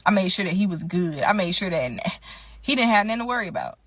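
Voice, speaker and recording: A young adult woman telling an emotional storytime monologue, animated and indignant, often turning to her listeners as y'all. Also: mid-range voice, quick pace, dry recording.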